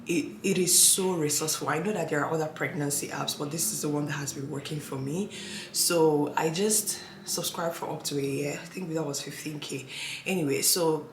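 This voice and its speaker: A young woman, heavily pregnant, chatting casually to camera as a vlogger, lively and at times sinking into tired near-whispers. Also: low-pitched, moderate pace. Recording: echoey room with audible noise.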